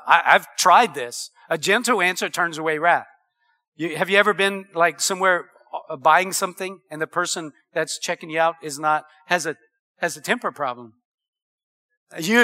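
A middle-aged man preaching a sermon, animated and calling the congregation for amens, laughing at his own jokes. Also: high voice. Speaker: pastor.

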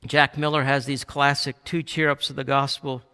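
Animated male pastor in a reverberant hall. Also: mid-range voice, moderate pace, smooth. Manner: animated, acts out Bible quotes with raised voice. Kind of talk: sermon.

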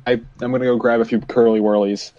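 A man's voice: mid-range voice, flat delivery, quick pace, mellow. A man playing a tabletop game in an offhand, joking way. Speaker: player. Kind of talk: casual tabletop role-play. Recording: dry, dull lo-fi audio.

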